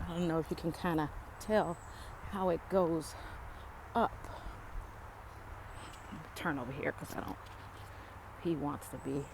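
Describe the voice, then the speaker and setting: Woman talking to viewers on a woods trail, chatty and joking, phone in hand, slow pace. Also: low voice, noisy background. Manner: chatty, humorous, talks straight to viewers. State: out of breath. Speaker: vlogger. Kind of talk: casual vlog chat while walking. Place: wooded lakeside trail outdoors.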